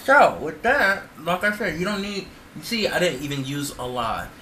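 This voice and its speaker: A man's voice: on the high side, very animated, moderate pace, pushed and bright, a little hiss or hum. A man who performs in drag, talking through a makeup tutorial in a chatty, playful way with sassy asides.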